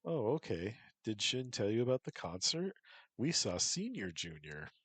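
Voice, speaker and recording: A man puts on a friendly young woman, raising his low voice a little. She sounds eager and curious, with a husky edge. It is a storybook reading with a dry close mic. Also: sing-song, moderate pace, a bit bright, no echo, full character voice.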